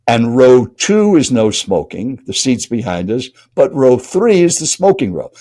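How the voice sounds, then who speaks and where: A man's voice: medium pitch, dark tone. An older man, a speaking coach and guest, telling a dramatic story while speaking directly to the listener. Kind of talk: animated storytelling.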